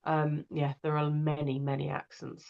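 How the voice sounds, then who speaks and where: Her low, gravelly voice stays monotone at a normal speed, heard with phone-quality sound. A guest audiobook narrator from northwest England, she makes casual, meandering conversation packed with fillers.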